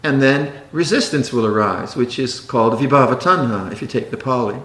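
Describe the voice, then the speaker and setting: A man's voice: medium pitch, fairly quick, fairly bright tone. Man giving a playful, roomy-sounding dharma talk. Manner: playful, laughing, mimics precious meditators. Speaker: meditation teacher.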